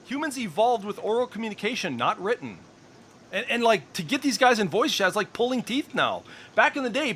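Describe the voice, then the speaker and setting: A man's voice: high-pitched, sharp tone, a little hiss or hum. A middle-aged man streaming in casual voice chat, ranting with heavy profanity and strong opinions.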